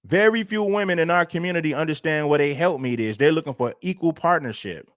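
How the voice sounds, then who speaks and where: A man's voice: fairly high pitch, a little fast, no room sound, clean studio sound. A male livestream host giving emphatic, preachy, repetitive commentary. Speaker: show host.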